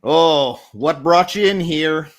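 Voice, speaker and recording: A man's voice: fairly high pitch, slow, voice pushed up. A man voicing a grumpy old male ex-sailor running a hotel, with a folksy New England drawl.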